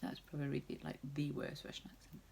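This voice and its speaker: Low, gravelly woman chatting through a makeup tutorial. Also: fast talker, dark tone, a little hiss or hum. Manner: chatty, rambling, jokey asides. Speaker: makeup vlogger. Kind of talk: casual makeup tutorial chat.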